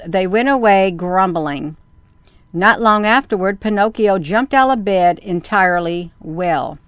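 A woman telling a children's story as storyteller, reading slowly and deliberately. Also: medium pitch, clear, resonant tone, no room sound.

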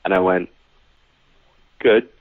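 Slow and deep-voiced, a New York man in his forties who works as a psychic medium recounts stories as an interview guest. The animated storyteller acts out each quote, and the recording is dry, tinny, phone-like, with no room sound.

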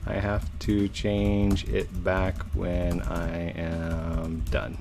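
A man's voice: low-pitched, monotone, extremely slow, creaky, darkish tone, soft background music. Playful young man narrating gameplay. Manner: playful, chatty, laughs often. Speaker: gaming YouTuber. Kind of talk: casual gameplay commentary.

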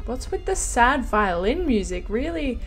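Female gameplay host: high voice, slow, panicky and excitable in her comments. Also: faint music behind. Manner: excitable, panicky, given to squeals and repeated exclamations. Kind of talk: let's play commentary.

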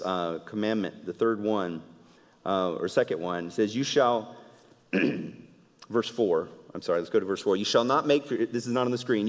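A male pastor preaching a sermon, swinging between loud emphatic lines and quiet conversational asides. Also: mid-range voice, big-room sound. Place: church sanctuary.

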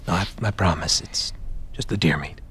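An actor playing a calm, cold male cannibal leader in a video game, speaking in a measured, quietly persuasive way. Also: low voice, husky, heavily acted.

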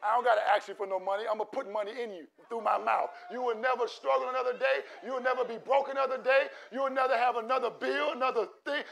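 A man preaching a sermon to a congregation, shouting and exhorting with call-and-response. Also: extremely high pitch, fairly even intonation, fast, creaky, hardly any pauses. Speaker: pastor. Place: church sanctuary. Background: congregation in a church.

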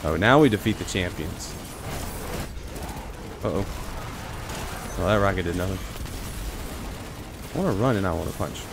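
A man giving casual live commentary on his own gameplay, talking to himself and his viewers and jumping into high excited yelps. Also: moderate pace, creaky, long pauses, background noise. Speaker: game streamer.

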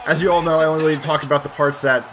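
A man's voice: fairly high pitch, level tone, racing, crowd noise. A man hosting a let's play, chatting casually and profanely while he plays, thinking aloud as he rambles. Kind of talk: casual commentary while gaming.

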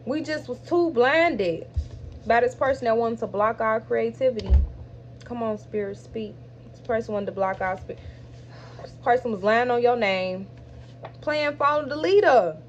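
Speaking straight to her audience, a woman with a slightly high voice gives an emphatic spiritual tarot reading. She stretches key words and slips in faster asides. The audio sounds dull, with a little hiss or hum.

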